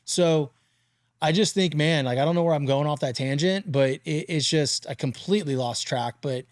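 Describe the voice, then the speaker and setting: A man in his forties hosts a casual interview podcast, his voice sitting a little high for a man. He tells personal stories with animated energy and drops curse words freely. The sound is dry and close, with no room around it. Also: normal speed, no room sound. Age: 40s. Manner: animated storyteller, swears freely. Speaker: podcast host.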